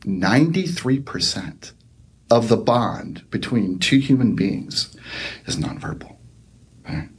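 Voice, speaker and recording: A middle-aged man, a psychotherapist, talking in a slow, reflective way and checking in often with "right?". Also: medium pitch, big pitch swings, slightly rough. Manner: slow, reflective, warm storytelling with frequent "right?" and "um". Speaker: psychotherapist guest. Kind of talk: conversational podcast interview.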